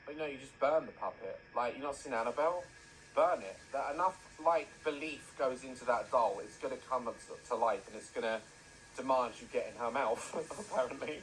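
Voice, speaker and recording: A man's voice: medium pitch, a little fast, a little hiss or hum, rough recording. A man hosting a reaction video, mocking what he watches with jokey, sarcastic commentary. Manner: mocking, jokey, laughs at his own dark jokes.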